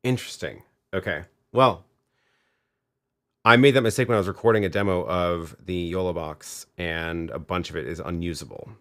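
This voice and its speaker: A man's voice: sits low, moderate pace, a bit bright. A man hosting a live tech demo, talking casually as he tries things and thinks aloud. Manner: thinking aloud, trailing off with restarts. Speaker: livestream host demoing video gear.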